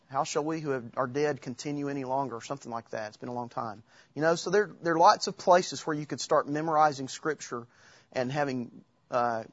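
Husky-voiced man teaching on Scripture. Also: mid-range voice, no echo, dull audio. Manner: halting, restarts while quoting Scripture from memory. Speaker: Bible teacher. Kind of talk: informal church teaching talk.

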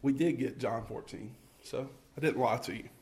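A man's voice: mid-range voice, normal speed, darkish tone. A man preaching a sermon, conversational and self-correcting, acting out scenes and building to fervent calls. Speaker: pastor.

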